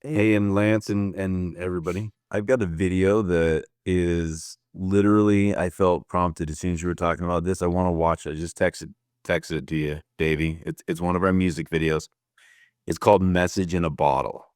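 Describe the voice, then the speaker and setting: Deep smooth enthusiastic man. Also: steady tone, normal speed, a little mellow, dry recording, clean studio sound. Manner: eager, urging. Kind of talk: enthusiastic casual chat.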